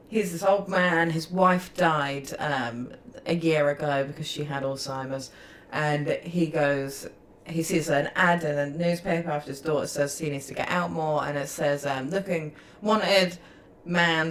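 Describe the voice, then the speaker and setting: A woman chats as a podcast co-host. She tells stories in an animated, chatty way, in a fairly low voice. Faint noise sits under the recording. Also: moderate pace, few pauses. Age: 30s. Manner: chatty, animated storytelling with laughter. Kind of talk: casual chat.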